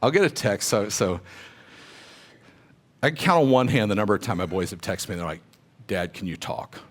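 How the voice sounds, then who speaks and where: A man's voice: lowish voice, very animated, fairly quick. A middle-aged man speaking to a room of real estate agents, telling personal stories in a conversational, motivational way and asking the audience questions.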